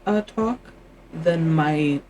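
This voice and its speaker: A woman's voice: low-pitched, drawn-out words, a little mellow, slight background noise, poor audio. A Canadian woman chatting casually on her livestream, musing aloud and often trailing off mid-thought.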